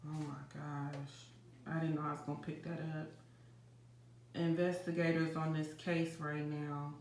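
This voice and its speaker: A woman's voice: low voice, level tone, moderate pace, darkish tone, slight background noise. A woman tarot reader giving a casual, dramatic psychic reading at home, talking straight to her viewers. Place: home kitchen. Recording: roomy home echo.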